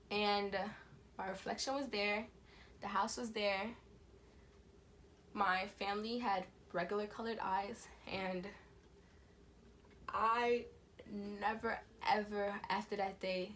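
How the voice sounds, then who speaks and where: A woman's voice: a little high, measured pace. A young woman vlogger telling a storytime tale in casual, slangy speech, acting out the voices of the people in it. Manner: animated storytelling, acts out quoted voices. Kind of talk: storytime vlog.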